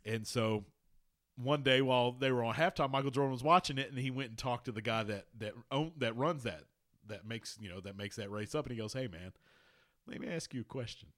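Man, podcast co-host, casual sports chat, profane, animated storyteller. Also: mid-range voice, brisk.

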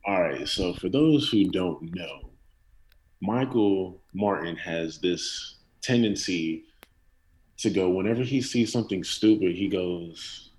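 Guest dude on a sports podcast, lowish voice, slangy and rambling. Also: male voice, animated, slow, darkish tone, rough recording. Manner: loose, slangy, rambling storytelling. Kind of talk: casual sports podcast chat.

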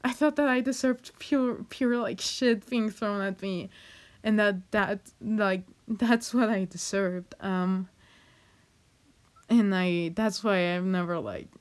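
Young woman talking slow in a personal vlog, halting and full of fillers, nervous little laughs, kinda close to tears. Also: medium pitch, fairly even intonation. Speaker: vlogger.

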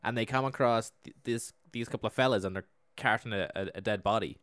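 A man's voice: on the low side, fairly bright tone, no room sound. A man co-hosting a podcast, telling a story casually, rambling and correcting himself as he goes. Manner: rambling, self-correcting, drops into quick voices for characters. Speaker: podcast co-host.

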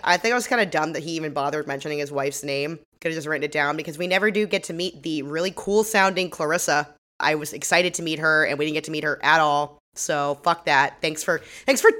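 A woman with a somewhat low voice co-hosts a casual podcast recap. She is sarcastic and swears freely. Her delivery is loose and self-mocking. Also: fairly bright tone. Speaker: podcast co-host. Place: Ireland.

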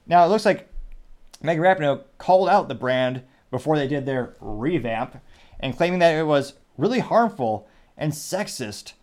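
A man's voice: fairly high pitch, animated, moderate pace, darkish tone. Sarcastic man hosting a commentary show. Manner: sarcastic, dismissive, rambling with restarts. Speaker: podcast host. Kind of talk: opinionated commentary monologue.

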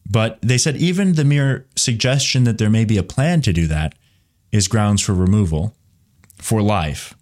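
A man's voice: on the low side, lively intonation, moderate pace, a little mellow. A man hosting a live commentary show, talking in a rambling way with many fillers and reading viewer questions from the chat. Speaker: show host.

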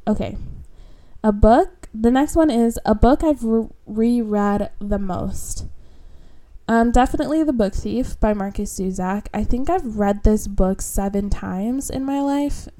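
A woman's voice: a little high, measured pace, warm tone. A young woman vlogger chatting loosely about books, rambling with lots of fillers and asides. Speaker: book vlogger. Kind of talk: casual book tag chat.

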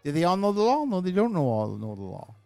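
A man's voice: high-pitched, sing-song, quick pace, creaky, a little mellow, soft background music. A man, talking in a heated, profane, emphatic way in a casual podcast chat. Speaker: podcast co-host.

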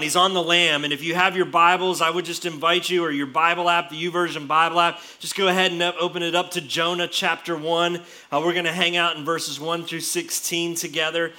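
A pastor preaching a sermon, retelling a story in an animated way with frequent restarts. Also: male voice, on the high side.

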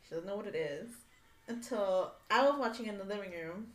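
A woman's voice: mid-range voice, a little fast. A woman in casual chat, telling a story in a chatty, giggly way. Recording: echoey room.

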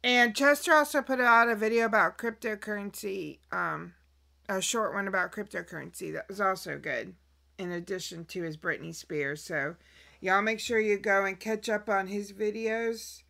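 A woman with a Southern US accent, co-hosting a podcast in relaxed, friendly casual chat. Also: medium pitch, moderate pace, vocal fry. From American South. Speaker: podcast co-host.

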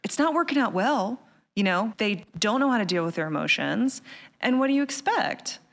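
A woman's voice: a little high, lively intonation, normal speed, a bit bright, big-room sound. A woman in her thirties, a podcast guest talking casually and animatedly, laughing easily and peppering her speech with "like.". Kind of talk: casual interview chat.

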